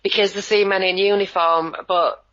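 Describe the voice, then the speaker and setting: Bright-voiced woman, wry co-host. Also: medium pitch, fairly even intonation, moderate pace. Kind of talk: casual radio chat. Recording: dull lo-fi remote line.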